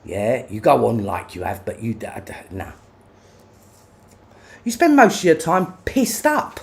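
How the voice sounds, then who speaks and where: A livestreamer in an angry, profane rant, firing off confrontational questions. The voice sits mid-pitch and leaps wildly up and down as the anger flares. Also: wildly swooping pitch, unhurried, vocal fry. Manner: profane, confrontational, repeats "yeah?".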